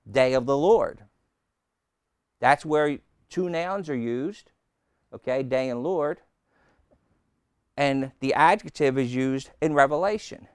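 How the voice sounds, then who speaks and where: Emphatic slow-teaching male preacher. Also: medium pitch, smooth, no echo, clean studio sound. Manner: slow, emphatic teaching with sudden loud stresses. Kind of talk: sermon teaching. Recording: old taped sermon.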